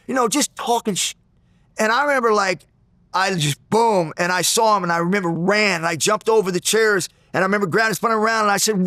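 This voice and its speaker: Animated man telling a fight story. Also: high voice, brisk, no room sound, clean studio sound. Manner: animated, acts out the people in his stories; restarts and repeats words. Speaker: interview guest. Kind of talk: interview storytelling.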